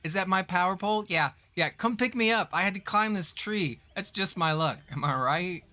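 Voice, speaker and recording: A man's voice: high voice, moderate pace, pushed and bright, pitched above the performer's own voice. A man voicing a short, grinning male satyr in a tabletop game, who talks in a chatty, teasing and pushy way. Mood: cheeky.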